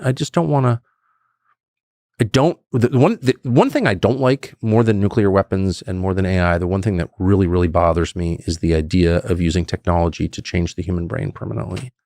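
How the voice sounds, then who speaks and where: A gravelly-voiced man guests on a podcast, chatting casually and rambling with frequent restarts, chuckles and lively swings in pitch. The recording is studio quality with no room sound.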